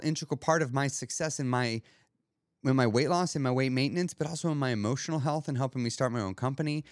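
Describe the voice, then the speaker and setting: A man's voice: medium pitch, dry recording. Earnest man, dry close podcast voice. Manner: earnest, motivational, thinking aloud with restarts. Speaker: podcast host. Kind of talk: reflective podcast monologue.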